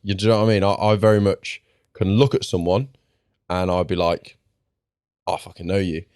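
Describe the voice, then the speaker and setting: A man's voice: low-pitched, fairly quick, clear, resonant tone, no echo, clean studio sound. A young man as a podcast guest in casual chat, telling stories with energy and acting out what people said. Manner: animated storyteller, acts out quotes.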